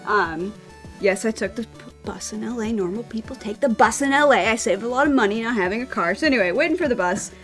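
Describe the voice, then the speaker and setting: A young woman from the American Midwest, co-hosting a live stream and telling a story in casual chat, animated and laughing as she acts out the other people. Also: on the high side, fast talker, faint music behind. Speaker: co-host.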